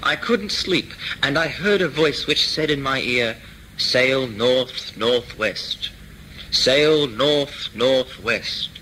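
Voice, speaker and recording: A man's voice: medium pitch, takes it slowly, pushed and bright, slight background noise, low-quality recording. Man reading as a stubborn ship captain. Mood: insistent.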